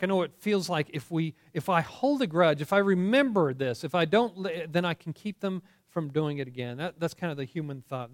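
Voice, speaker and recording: Fairly high-voiced man preaching informally. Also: no room sound, clean studio sound. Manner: informal, frequent restarts and self-corrections; asks the listeners questions. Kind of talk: conversational Bible teaching sermon.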